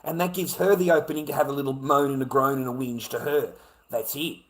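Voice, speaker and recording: An Australian man ranting off the cuff on a livestream, swearing a lot and repeating himself, moving from low muttering to shouting. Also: steady tone, fairly quick, rough recording. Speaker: livestream ranter. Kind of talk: profane off-the-cuff rant.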